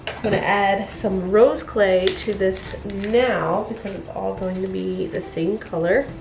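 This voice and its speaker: A woman's voice: medium pitch, steady tone, measured pace, vocal fry, noisy background. A woman hosting a soap making video, chatting casually with frequent laughs while congested from a cold. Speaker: soap maker and channel host. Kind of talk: casual tutorial chat. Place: indoor crafting room at home. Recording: echoey room with music behind.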